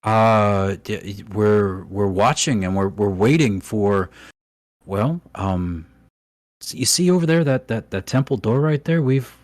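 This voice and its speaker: A man's voice: fairly low pitch, slow, a little mellow, no room sound. A man voicing a nervous female dwarf commoner who stammers and hesitates in a tabletop game. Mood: nervous, stammering.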